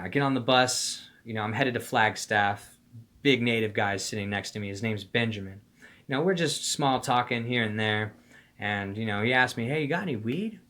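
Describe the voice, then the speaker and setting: A young storyteller vlogger from Phoenix, Arizona, rambles through a tale in casual, profane slang, acting out the voices of the people he quotes. His voice sits on the low side with a sharp tone.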